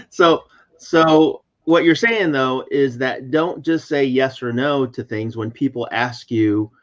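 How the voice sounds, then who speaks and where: A man's voice: medium pitch, slow. A man hosting a casual chat, summarizing and clarifying points in a teacherly way. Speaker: host. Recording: slightly dull lo-fi audio.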